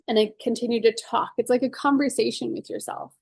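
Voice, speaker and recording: Woman, tapping coach, earnest and upbeat, fairly high voice, dry close sound. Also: fairly even intonation, fairly quick, vocal fry, breathy edge, no echo. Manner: earnest, upbeat, leans on "like" and "right?". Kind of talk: guided tapping session and casual teaching.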